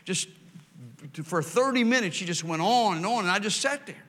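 Bright-voiced preacher, folksy. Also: male voice, sits high, animated. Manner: folksy, storytelling, swings from loud emphatic to quiet and slow. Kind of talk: sermon.

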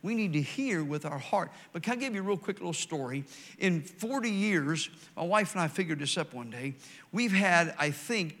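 An older man delivers a folksy sermon full of stories. His voice is bright and slightly high, and he moves between loud emphatic declarations and quiet, slow passages. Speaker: preacher.

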